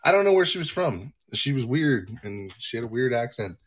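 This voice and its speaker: A man's voice: medium pitch, very animated, moderate pace, fairly bright tone. A man hosting his own livestream from home, rambling casually with profanity and self-mocking asides. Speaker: livestream host.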